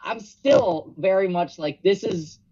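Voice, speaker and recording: A man's voice: sits high, slow pace. Guy ranting about a wrestling match, cursing, laughing, kinda muffled audio. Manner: excitable, swears freely, laughs a lot. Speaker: podcast co-host. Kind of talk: casual wrestling review chat.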